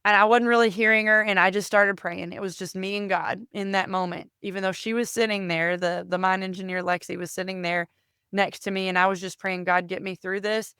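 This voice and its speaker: A woman's voice: mid-range voice, steady tone, brisk, bright, forceful tone, smooth, no room sound, clean studio sound. A woman hosting a podcast, telling a personal story in an earnest way, often repeating words and calling listeners "y'all". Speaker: podcast host.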